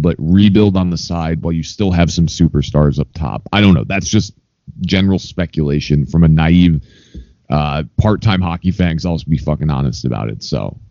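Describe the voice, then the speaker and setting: A man's voice: low-pitched, warm tone, no room sound, lo-fi sound. A man co-hosting a casual sports podcast, rambling, swearing freely and poking fun at himself. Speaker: podcast co-host.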